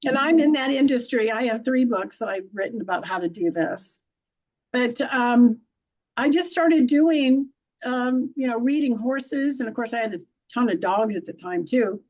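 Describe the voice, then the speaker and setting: A middle-aged woman with a high voice tells stories in a blunt, folksy manner. She laughs easily and speaks in an unpolished, chatty way. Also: expressive, moderate pace, a little mellow, muffled recording. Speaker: guest, intuitive and animal communicator. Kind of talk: conversational storytelling.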